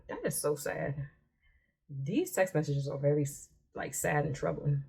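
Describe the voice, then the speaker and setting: A woman's voice: low-pitched, lively intonation, measured pace, creaky, darkish tone, breathy edge. A woman vlogger giving casual commentary with chatty, exasperated asides as she reads text messages aloud.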